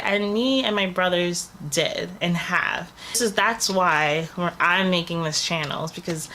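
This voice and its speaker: A young travel vlogger and channel co-host, recovering from a cold and coughing, chats to camera in a rambling story with lots of fillers. Her fairly low voice is unhurried with few pauses, pushed and bright. Faint background noise is present.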